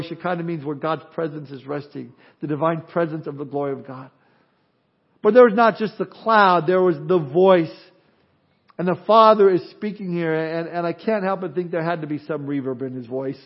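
High-voiced man preaching a sermon. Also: dull audio. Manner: expressive preaching, swings from loud emphasis to quiet asides. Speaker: pastor.

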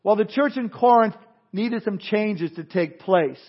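A man's voice: high-pitched, measured pace, husky, muffled recording. A man preaching as a pastor, often repeating words and restarting as he goes. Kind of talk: sermon.

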